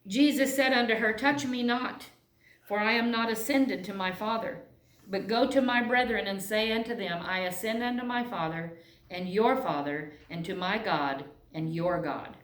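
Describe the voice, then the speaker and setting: A woman's voice: mid-range voice, moderate pace, a bit bright, distant mic. A woman preaching a sermon in a church and reading scripture aloud in an earnest way. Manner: earnest, reads scripture aloud in old-fashioned phrasing. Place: church sanctuary. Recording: echoey church room, voice off-mic at times.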